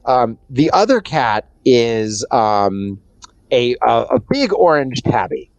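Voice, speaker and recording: Game master, hesitant narration, animated pitch, dry close sound. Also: takes it slowly, no echo, highs cut off. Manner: hesitant, many fillers and restarts.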